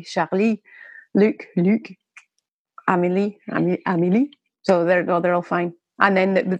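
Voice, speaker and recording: A woman's voice: mid-range voice, no echo, rough recording. A woman chatting as a podcast guest, rambling and interrupting herself, laughing often. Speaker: guest parent. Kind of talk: casual conversational chat.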